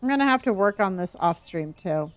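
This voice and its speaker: Speaking a little fast in an expressive, medium-pitched voice, this woman livestreams her gameplay with casual chatter. She narrates playfully and thanks her viewers by name, addressing them as dear and honey.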